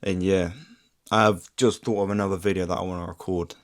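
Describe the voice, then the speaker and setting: A man's voice: deep voice, level tone, brisk. A young man telling a story to camera in a rambling, sweary, casual way, full of "like". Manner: rambling, sweary, filler-heavy with lots of "like". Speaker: vlogger. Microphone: camera mic.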